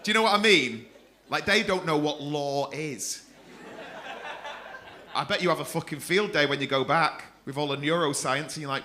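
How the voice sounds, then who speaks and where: A man's voice: fairly high pitch, normal speed, long pauses, bright, forceful tone. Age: adult. Sex: man. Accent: Mancunian. Role: stand-up comic doing crowd work. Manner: teasing, sweary. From North West England. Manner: teasing, sweary, laughing through his jokes. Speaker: stand-up comedian. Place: comedy club stage.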